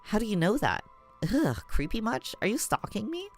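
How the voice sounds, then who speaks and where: A man's voice: high-pitched, huge pitch swings, moderate pace, faint music behind, pitched above the performer's own voice, full character voice. A man voicing a sneering young woman. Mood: scornful. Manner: sneering, scornful. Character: hostile sharp-tongued young woman. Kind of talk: reading a game aloud.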